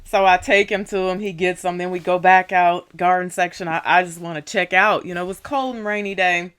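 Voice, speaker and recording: A woman's voice: fairly even intonation, brisk, a bit bright, smooth. A woman telling a story casually in a vlog, chatty, with lots of "you know" and "right?". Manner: acts out dialogue with raised pitch when riled up. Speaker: vlogger.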